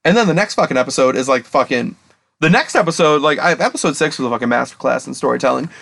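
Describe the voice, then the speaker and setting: Young guy on a podcast, talks super fast, swears constantly, all worked up. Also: medium pitch, gravelly. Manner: excited, heavy swearing, rapid rambling retelling. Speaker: podcast co-host. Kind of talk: casual chat.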